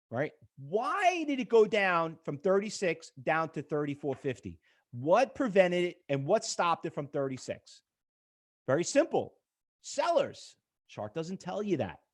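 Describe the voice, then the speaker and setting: Middle-aged male trading instructor, high lively voice, animated storyteller who acts out the other side of arguments. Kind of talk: live trading class with screen demo.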